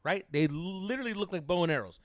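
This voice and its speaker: A young man hosting a podcast, telling stories in a profane, animated way, acting out voices and mixing in Spanish slang. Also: sits high, fast talker, dry recording. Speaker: podcast co-host. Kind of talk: casual storytelling chat.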